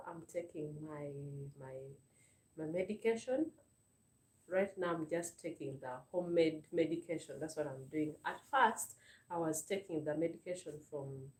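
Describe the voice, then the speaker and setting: A woman's voice: sits low, darkish tone, recorded from a distance. A woman with a Ugandan English accent, hosting a live stream in a casual, earnest chat full of thanks and fillers. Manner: earnest, grateful, repeats words and uses many fillers. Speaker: channel host. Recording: roomy sound, voice a bit off-mic.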